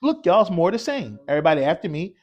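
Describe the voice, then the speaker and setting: Guy teaching arabic to a class at the mosque, kinda high voice, keeps asking "what?" and gets them to repeat after him, laid-back and encouraging. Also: sing-song, fast, darkish tone, lo-fi sound. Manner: quizzing the class with "what?" prompts; casual, encouraging. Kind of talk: classroom lesson with call-and-response.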